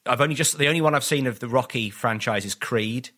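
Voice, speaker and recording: A man in casual podcast conversation, rambling with restarts and slipping into little acted-out quotes. His voice has a bright, forward edge. He sounds self-deprecating and open. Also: mid-range voice, fast. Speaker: comedian guest.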